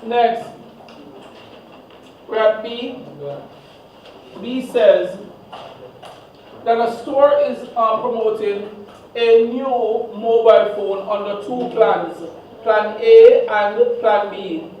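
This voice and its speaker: Male math teacher, high and unhurried, call-and-response style, taped at a distance in a very echoey classroom, muffled. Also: fairly even intonation, slight background noise. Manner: call-and-response questioning, fill-in-the-blank "what?" prompts. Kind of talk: classroom exam walkthrough. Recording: echoey room, distant, dull.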